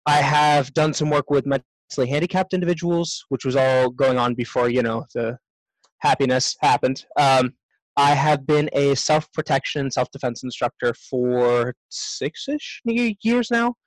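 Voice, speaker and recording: A man in his twenties, answering as an interview guest in a relaxed way with frequent "um"s. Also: mid-range voice, unhurried, dry recording, low-quality recording. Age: 20s.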